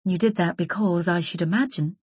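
A woman reading the part of a grown woman who gently but firmly comforts an old classmate, in an audiobook. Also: fairly low pitch, a little fast, breathy edge, no echo. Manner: gentle, firm, reassuring. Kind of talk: audiobook character voice.

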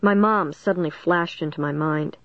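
A woman's voice: on the low side, normal speed, dry recording, muffled recording. Woman reading a story aloud. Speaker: audiobook narrator. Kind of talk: scripted first-person story narration.

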